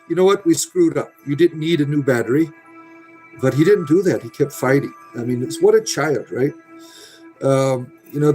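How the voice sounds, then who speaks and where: With a slightly high, slightly mellow voice, a middle-aged man from the Americas chats casually with viewers on his livestream. He's salty and rambling, cursing about a mechanic and filling gaps with "right?" and other filler.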